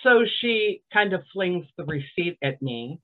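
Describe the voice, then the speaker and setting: A woman from Alabama spins a long story with a dry, sardonic bite. Her voice sits a bit low and comes through a thin, phone-like line. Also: expressive, unhurried. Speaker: guest. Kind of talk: casual storytelling on a comedy podcast.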